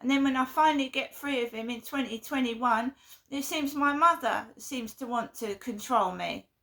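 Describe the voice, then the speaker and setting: A woman's voice: high voice, moderate pace, a bit bright. A woman venting emphatically in a vlog, repeating her points in an aggrieved way. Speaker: vlogger.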